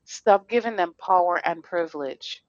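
A woman's voice: lowish voice, moderate pace, no echo, muffled recording. Fiery, blunt woman podcast host. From Connecticut. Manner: fiery, blunt, profane, rhetorical questions. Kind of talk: heated casual podcast talk.

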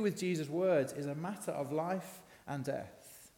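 A man's voice: on the high side, moderate pace, hardly any pauses, a little mellow, long reverb tail. A man giving a conversational sermon, asking the congregation questions as he goes. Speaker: preacher. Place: church.

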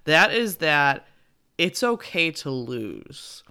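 Low bright-toned woman, casual chat. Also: big pitch swings, takes it slowly, clean tone. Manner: laughs often, agreeable.

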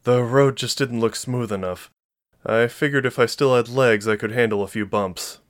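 Man doing a plucky young woman pilot, soft and breathless, story reading. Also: mid-range voice, moderate pace, lightly acted. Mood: earnest.

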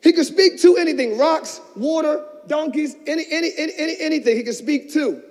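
A man pastor giving a passionate sermon, swinging between shouted peaks and hushed asides, recorded in a church. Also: extremely high pitch, brisk. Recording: long church reverb.

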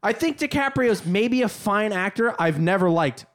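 A man co-hosting a podcast launches into exaggerated, vitriolic rants. His fairly high voice swoops up and down with great animation as he complains. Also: lively intonation, normal speed. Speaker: podcast co-host. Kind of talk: heated casual chat.

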